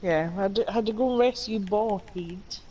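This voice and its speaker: A woman's voice: medium pitch, moderate pace, mellow, highs cut off. A woman chatting on a gaming stream, teasing and exasperated with her co-host. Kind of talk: casual gaming chat. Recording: background noise.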